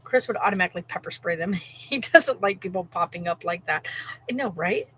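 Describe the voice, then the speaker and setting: A woman vlogger telling a story in a rambling, animated way, full of "like" and restarts, while cooking at home. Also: on the low side, a little fast, a little hiss or hum, low-quality recording. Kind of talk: casual storytelling.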